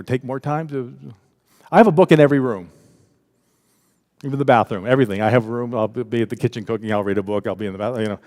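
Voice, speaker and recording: Male workshop leader, middle pitch, casual and animated, recorded with long church-hall reverb. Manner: lively, conversational, acts out quoted voices. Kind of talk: interactive spiritual workshop talk.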